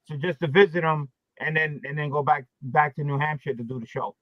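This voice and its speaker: A man's voice: fairly high pitch, fairly even intonation, brisk, dry recording, muffled recording. A man from Pennsylvania hosting a casual chat, talking freely and swearing now and then. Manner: chatty, profane. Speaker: host.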